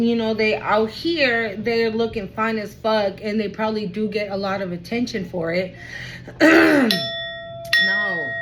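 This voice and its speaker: A woman's voice: medium pitch, a bit bright, a little hiss or hum, rough recording. A woman giving a casual tarot reading at home, talking in a chatty, slangy way full of fillers. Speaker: tarot reader.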